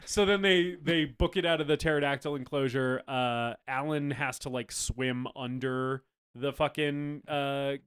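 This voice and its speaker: A podcast co-host chats casually about a movie, laughing often and acting out characters' lines. His mid-range voice is smooth, fairly bright and unhurried.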